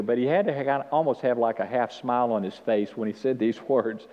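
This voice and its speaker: A male pastor preaching an animated sermon with call-and-response to the congregation in a church. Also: medium pitch, normal speed, hardly any pauses. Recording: dull sound with long hall reverb.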